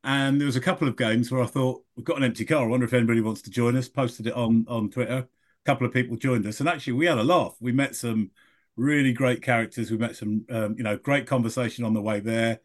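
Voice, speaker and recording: A man's voice: medium pitch, fairly even intonation, quick pace. A middle-aged man chats as a guest on a podcast. He tells a rambling story and corrects himself along the way. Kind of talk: casual podcast chat.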